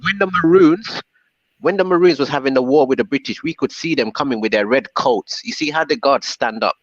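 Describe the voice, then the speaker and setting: A man's voice: mid-range voice, quick pace, no echo, dull audio. A man in a heated casual debate on a podcast, cutting in and repeating himself to hold the floor. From Jamaica. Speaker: podcast co-host.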